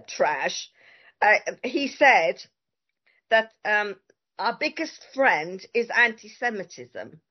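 A woman guest in casual conversation, telling a story emphatically and indignantly, with many fillers. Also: medium pitch. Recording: dull lo-fi audio.

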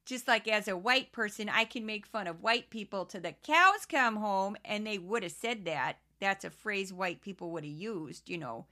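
A woman's voice: mid-range voice, expressive, normal speed, few pauses, sharp tone. A woman from St. Louis with a Southern-Midwestern accent, hosting a podcast and chatting candidly about news clips. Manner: candid, chatty, laughs often, self-aware asides. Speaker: podcast host. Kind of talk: casual commentary on news clips.

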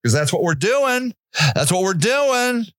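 Man, angry rant, cursing, high voice, swings wildly up and down, dry close sound. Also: very animated, measured pace, no room sound. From Northeast Ohio. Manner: profane, furious, shouting. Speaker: podcast host.

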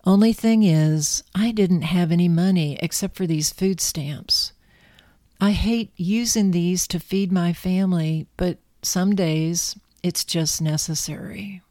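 A woman reading the lines of a proud older grandmother who speaks earnestly and softly. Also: fairly low pitch, slow pace, dry recording, clean studio sound.

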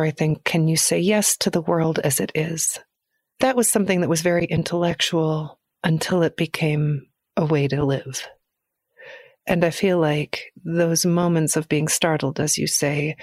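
A woman's voice: lowish voice, no echo, clean studio sound. A middle-aged woman speaking candidly and earnestly as a podcast guest, laughing easily as she reflects. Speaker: guest poet.

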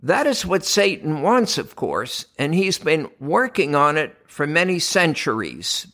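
An older American man, a doctor, hosting a religious podcast, speaking in a slow, deliberate and emphatic preaching manner. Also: fairly high pitch, big pitch swings, bright, forceful tone. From United States. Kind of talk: scripted religious podcast talk.

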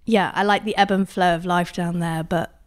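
Relaxed Cornish-born woman chatting. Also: fairly low pitch, normal speed. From Cornwall, England. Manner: relaxed, chatty, many fillers. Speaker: guest, film festival organiser. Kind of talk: casual interview chat.

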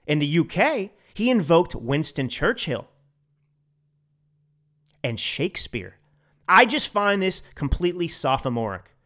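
A man delivering solo commentary on his own podcast, his voice sitting a little high for a man. It swings up and down a lot as he presses each point, and he repeats phrases for emphasis. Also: a bit bright. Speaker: podcast host.

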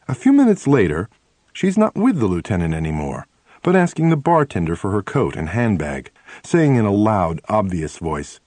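A male audiobook narrator with a lowish voice that rises and falls a lot as he tells a first-person memoir. His delivery is lively and expressive. The sound is close and dry, with no room around it. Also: no echo.

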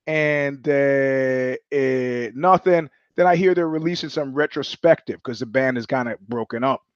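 A man's voice: a little high, dry recording, lo-fi sound. A man hosting his own show, answering listener questions and telling blunt, profane stories in a casual monologue. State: sweating. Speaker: podcast host.

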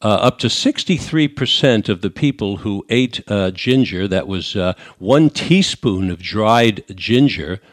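An older man with a New York accent hosts a radio call-in show. He talks in a loose, conversational way, full of fillers and false starts. His voice sits on the low side and sounds dry and close to the mic. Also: animated, measured pace, few pauses, dry recording. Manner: conversational, with many fillers and restarts. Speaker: radio talk show host. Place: radio studio.

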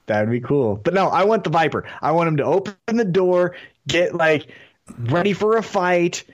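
Excitable guy podcast cohost, cusses a lot, kinda high voice, acts stuff out. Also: moderate pace, lo-fi sound. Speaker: podcast co-host. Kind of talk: casual wrestling chat.

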